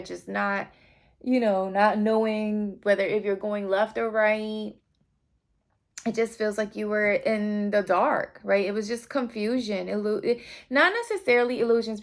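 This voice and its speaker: A woman's voice: mid-range voice, vocal fry. A woman giving a casual tarot reading, talking straight to her viewers in a rambling, heartfelt way. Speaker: tarot reader.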